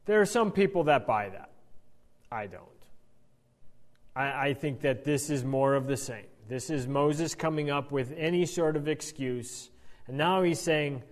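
A man teaching a conversational Bible lesson with animated, wry asides and frequent stammered restarts, in a reverberant hall. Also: a little high, unhurried.

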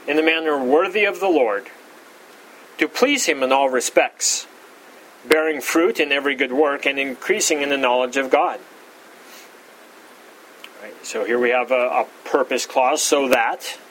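A man's voice: a bit bright, a little hiss or hum, poor audio. A man teaching a verse-by-verse Bible study, stressing key words and often restarting his phrases. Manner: emphatic, stresses key words with pitch jumps and frequent restarts.

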